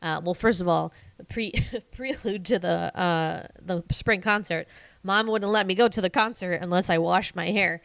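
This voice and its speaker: A woman in her thirties co-hosting a podcast, casually chatting and telling a childhood story with quick reactions and laughter. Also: fairly low pitch, vocal fry, fairly bright tone, no room sound. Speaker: podcast co-host. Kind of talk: casual chat.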